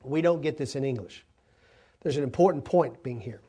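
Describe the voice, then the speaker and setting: A preacher with a mid-range, mellow, husky voice teaches his congregation at normal speed. He explains the meaning of words and asks the listeners to help him along.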